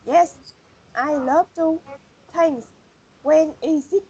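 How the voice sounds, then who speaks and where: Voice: high-pitched, drawn-out words, darkish tone, muffled recording, slight background noise. An English student carefully reading practice dialogues aloud in a lesson.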